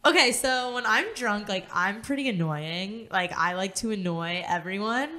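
Bright-voiced young woman podcaster. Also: mid-range voice, moderate pace. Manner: animated, teasing storyteller. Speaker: podcast co-host. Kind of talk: casual chat.

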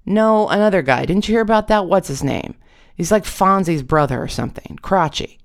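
A woman's voice: on the low side, expressive, moderate pace, pitched above the performer's own voice. A storyteller voicing a blunt, brash young woman on painkillers who talks in an exasperated way and swears a lot. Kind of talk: storytelling read-aloud.

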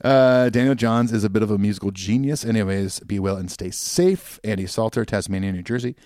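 A man's voice: fairly low pitch, brisk, darkish tone, no room sound, studio quality. A man co-hosting a podcast in casual chat, rambling with fillers and laughing often. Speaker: podcast co-host.

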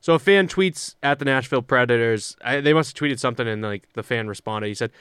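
Loose and profane, the young co-host chats about hockey with quick asides. His mid-range voice is a bit bright and clean, recorded with clean studio sound and no room sound.

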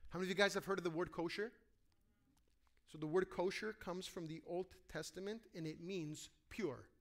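A man preaching a sermon to a congregation, animated, acting out quoted voices and asking his listeners questions. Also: sits high, normal speed. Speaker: pastor.

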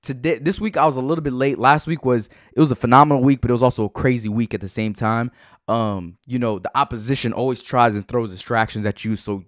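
A man hosting a motivational podcast, energetic and hyped, urging listeners to repeat affirmations after him. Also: mid-range voice, no echo, studio quality. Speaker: podcast host. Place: home.

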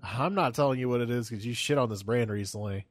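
A man co-hosting a casual tech podcast, animated and joking, swearing freely. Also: mid-range voice, quick pace. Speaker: podcast co-host. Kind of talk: casual chat.

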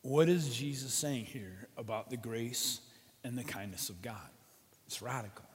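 Male pastor, sermon, storytelling, mid pitch, dramatic loud and quiet swings, long hall reverb. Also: a little slow.

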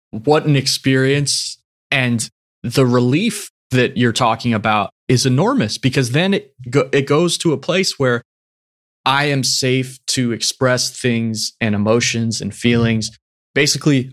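Affirming, reflective podcast host. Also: medium pitch. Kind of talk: casual conversational reflection.

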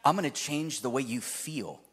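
Animated male preacher in echoing hall. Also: medium pitch, moderate pace, slightly rough. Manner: animated preaching, swings loud to hushed. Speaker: pastor. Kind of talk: sermon. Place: church hall with live audience.

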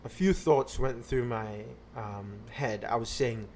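A man's voice: mid-range voice, slow pace, darkish tone, slight background noise. A man on a podcast casually telling a personal story, rambling with lots of fillers and restarts.

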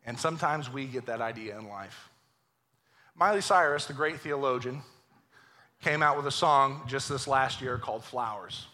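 A man preaching a lively, joking sermon in a church, acting out voices as he goes. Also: medium pitch, moderate pace. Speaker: pastor. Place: church sanctuary.

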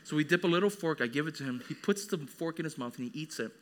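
Casual. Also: male voice, a little high, fast talker, slight background noise. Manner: animated preaching with dramatic quoted voices. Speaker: pastor. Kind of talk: sermon.

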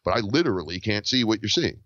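Low-voiced man telling an animated story. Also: fast, dry recording. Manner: animated, acts out quoted dialogue. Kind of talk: casual storytelling. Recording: dull lo-fi dry recording.

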